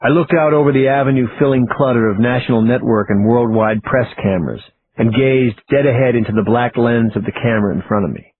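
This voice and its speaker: Male audiobook narrator, steady delivery, thin lo-fi phone-like recording. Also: mid-range voice, brisk. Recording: tinny phone-like audio with faint hiss.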